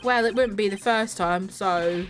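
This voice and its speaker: A woman voicing a haughty, sleepy male prosecutor in a low, dry, grumbling voice. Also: a little slow, soft background music, natural voice. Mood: grumpy.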